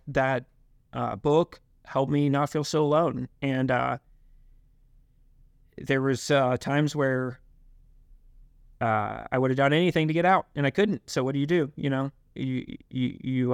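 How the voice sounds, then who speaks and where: A young man telling his life story in an interview, halting, with many fillers and restarts. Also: medium pitch, clean tone, no room sound, studio quality. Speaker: guest. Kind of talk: reflective interview talk.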